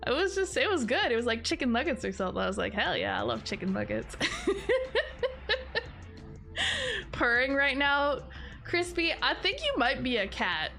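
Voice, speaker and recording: A young woman streaming at her desk, chatting with viewers in a loose, rambling way and often breaking into high laughter. Her voice sits a little high and rings bright and sharp. Soft music plays behind her. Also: very animated, a little fast, creaky. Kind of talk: casual live-stream chat.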